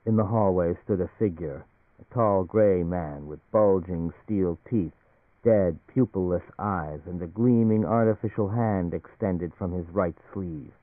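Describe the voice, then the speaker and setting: A man narrating a novel in a measured, even storytelling manner. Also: low-pitched, no echo. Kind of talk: audiobook novel reading on radio. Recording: tinny dry radio broadcast.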